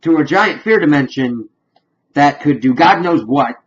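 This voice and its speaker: A man giving a casual spoiler review of a TV episode, rambling and excitable as he retells scenes with quick paraphrased quotes. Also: a little high, muffled recording.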